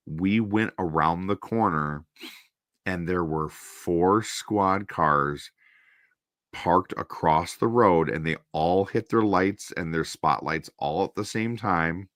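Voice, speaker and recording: Deep-voiced man telling a rambling story. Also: slow pace, no room sound, clean studio sound. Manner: rambling, animated anecdote with quoted voices. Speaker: host. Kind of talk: casual storytelling on a stream.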